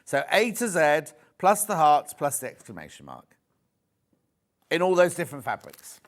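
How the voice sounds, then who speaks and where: A man's voice: a little high, sing-song, normal speed. A man presenting a live shopping channel show from a studio, chatty and jokey, selling fabrics and reading out viewer messages. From United Kingdom.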